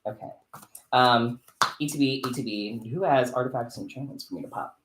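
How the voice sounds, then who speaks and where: A woman hosting a casual chat during a card game, talking in a rambling, animated way. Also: a bass voice, a little fast. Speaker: host. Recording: echoey room, faint noise, card clicks.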